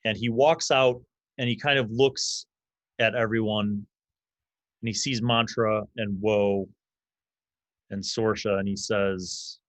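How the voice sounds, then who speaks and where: A man's voice: on the low side, steady tone, slow pace, pauses often, a bit bright, no room sound. A man narrating a tabletop game as game master in a casual way, with loose fillers.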